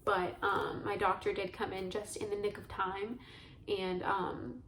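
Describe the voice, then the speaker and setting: A woman's voice: medium pitch, flat delivery, measured pace, a bit bright, a little hiss or hum. Chatty young woman, echoey room. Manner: chatty, heavy use of "like", earnest and emotional. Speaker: vlogger. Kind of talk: casual storytelling to camera.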